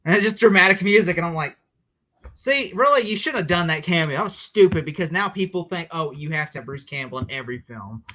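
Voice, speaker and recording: A young man chatting casually as a guest movie reviewer, animated and full of fillers, mocking what he quotes. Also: fairly high pitch, quick pace, few pauses. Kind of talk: casual podcast chat.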